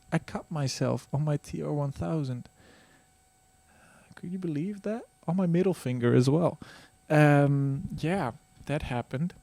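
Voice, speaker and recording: A man's voice: fairly high pitch, darkish tone, no room sound. A man vlogging in casual chat, enthusiastic and rambling with many fillers. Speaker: synth vlogger.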